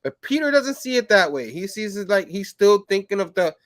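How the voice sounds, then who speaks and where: A man hosting a casual comic review show, rambling with lots of fillers and breaking into animated quoted bits. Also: sits high, fairly quick, no echo. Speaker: comic book show host.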